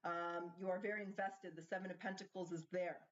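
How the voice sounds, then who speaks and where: A woman's voice: on the low side, level tone, a little fast, slight background noise. A woman doing a casual tarot card reading, chatting and thinking aloud as she asks the cards questions. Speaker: tarot reader. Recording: slightly dull lo-fi sound.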